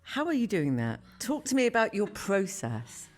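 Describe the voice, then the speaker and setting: A woman's voice: medium pitch, wildly swooping pitch, moderate pace. A woman in the audience asks the hosts a question, hesitant at first, then candid and earnest. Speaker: audience member asking a question. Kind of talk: live Q&A question. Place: retreat room with an audience.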